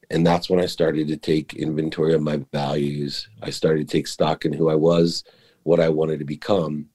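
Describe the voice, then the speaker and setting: A man's voice: extremely low pitch, little pitch movement, normal speed, warm tone. A middle-aged man, a guest in an interview, telling an emotional, confessional story about his life.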